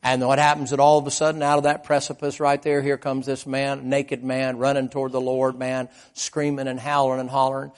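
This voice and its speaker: A male preacher with a mid-range voice delivers a sermon as a folksy storyteller. He keeps asking the congregation questions and paints scenes in vivid detail. His delivery rises to loud emphasis and then drops to hushed asides. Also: monotone, a little fast, hardly any pauses, clean tone. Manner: swings between loud emphatic lines and low quiet asides.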